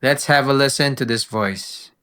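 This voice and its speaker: A man hosting a tech tutorial, calmly walking through software setup step by step. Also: medium pitch, normal speed, smooth. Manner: relaxed, step-by-step explaining. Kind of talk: screen-recorded software walkthrough.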